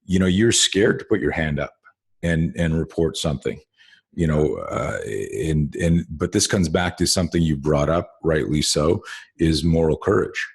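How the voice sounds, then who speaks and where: A man with a deep, husky voice hosts a loose conversation and talks in long, rambling stretches. He circles back on himself with lots of restarts and fillers, and he swears freely as he tells his stories. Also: normal speed. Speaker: host. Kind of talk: casual conversation.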